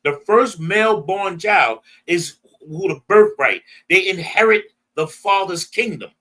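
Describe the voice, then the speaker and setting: A man's voice: sits high, animated, unhurried, bright, forceful tone. A man with an American accent teaching a bible class, emphatic, prompting a reader and retelling verses in everyday slang. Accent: American English. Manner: emphatic, call-and-response, paraphrases verses in slang.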